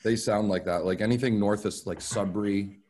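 A man, a comedian guest, chatting casually on a podcast and explaining things in a relaxed, rambling way. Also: on the low side, brisk. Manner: relaxed, filler-heavy storytelling.

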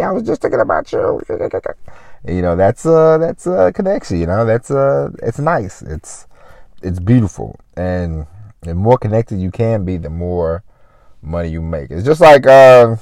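Deep-voiced man with a drawl. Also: lively intonation, normal speed, a little mellow, no echo, studio quality. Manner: rambling, repeats "you know" often. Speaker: podcast host. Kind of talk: casual motivational monologue.

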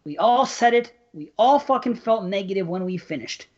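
A man's voice: high voice, lively intonation, normal speed, muffled recording. A man in casual podcast chat, blunt and self-deprecating, with frequent swearing. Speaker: podcast co-host.

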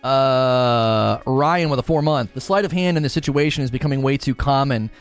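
A man giving heated live-stream commentary, indignant and sarcastic, often mocking others in hushed put-on voices. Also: mid-range voice, normal speed, clean tone, faint music behind. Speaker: streamer commenting on industry news.

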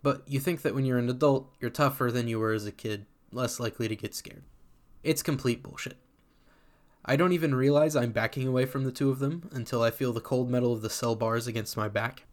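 A man reading a first-person story aloud in a casual, sardonic voice that swears freely. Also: mid-range voice. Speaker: community reader.

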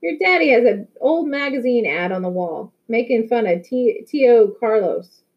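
A swaggering teenage bully sneers and taunts in a raised, higher voice, as a woman reader puts him on. The recording sounds a little muffled. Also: animated, normal speed. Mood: taunting.

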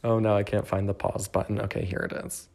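A man's voice: lowish voice, flat delivery, a little fast, over loud music. A young adult man hosting a podcast from home, thinking aloud in a candid, rambling way and speaking straight to the listener. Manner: addresses the listener directly. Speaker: podcast host. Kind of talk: casual solo reflection.

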